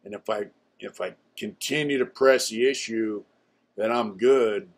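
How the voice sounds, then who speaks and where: A man's voice: fairly low pitch, a little slow. An older man telling his own story in a casual, blunt way, with some swearing and a lot of "you know" between phrases.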